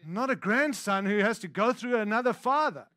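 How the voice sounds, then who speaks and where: A man preaching a sermon as pastor, swinging from hushed intimate lows to loud emphatic declarations, with conversational asides to the congregation. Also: animated, normal speed, no room sound.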